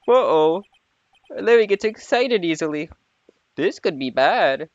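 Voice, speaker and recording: A man's voice: on the high side, expressive, unhurried, long pauses, no echo, lo-fi sound. A man streaming a game with casual, joking, self-mocking commentary into a desk microphone.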